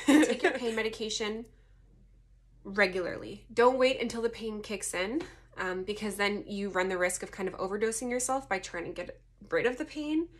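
A woman's voice: mid-range voice, brisk. A young woman vlogging, telling a personal story casually, laughing often and acting out the people she quotes. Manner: animated, laughing, swearing, acts out quotes.

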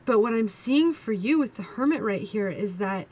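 A woman's voice: medium pitch, expressive, normal speed, darkish tone. A woman giving a casual tarot reading, chatty and giggly, calling her listeners honey. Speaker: tarot reader.

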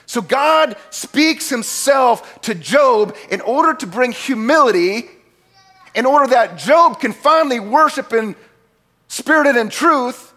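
High-voiced preacher with lively swings. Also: male voice, measured pace. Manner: animated, acts out God's lines with big swings in pitch and volume; conversational asides to the congregation. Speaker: pastor. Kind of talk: sermon.

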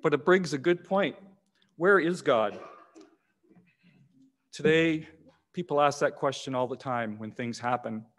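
A Canadian man in his 60s with a mid-range voice preaches a measured sermon in a church hall. He repeats key phrases with pauses, and the recording carries long, echoing church reverb.

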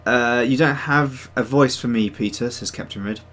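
A man hosting a casual livestream and chatting with viewers. He rambles, restarts his sentences and leans on fillers. His voice sits at a middling pitch. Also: fairly quick, few pauses, a bit bright. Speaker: livestream host and digital sculptor.

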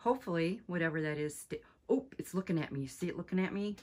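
A woman films a hushed exploring vlog in an abandoned cabin attic, nervously exclaiming and talking both to viewers and to the animals she comes across. Her voice is lowish, quick, and a little mellow.

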